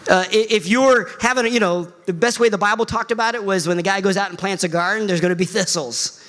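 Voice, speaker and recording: A middle-aged male pastor preaching a sermon, animated and emphatic. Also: quick pace. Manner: animated preaching, pitch swings high for emphasis.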